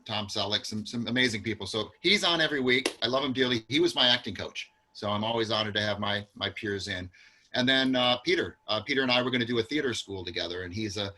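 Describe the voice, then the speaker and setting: A man's voice: lowish voice, quick pace, bright, forceful tone. A man hosting a live acting class over a video call, encouraging and introducing guests at length. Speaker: acting school host.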